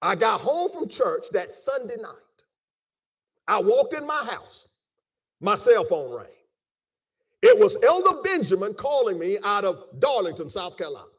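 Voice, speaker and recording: A preacher with a high, husky voice that swoops widely as he speaks. He talks with fervor, repeating words and breaking into shouts. He stands some way off from the microphone. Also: big pitch swings, a little slow, long pauses, distant mic. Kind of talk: impassioned preaching address.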